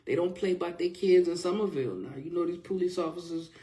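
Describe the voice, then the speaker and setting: A man's voice: sits high, fast, mellow. A man passionately recounting a personal story in casual, slang-filled conversational speech. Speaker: vlogger telling his own story.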